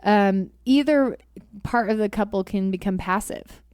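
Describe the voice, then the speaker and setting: A woman's voice: medium pitch, measured pace, clean tone, no echo, clean studio sound. A woman co-hosting a relationship podcast, chatting casually with her husband and acting out playful quotes. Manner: animated, acts out playful quotes. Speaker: podcast co-host.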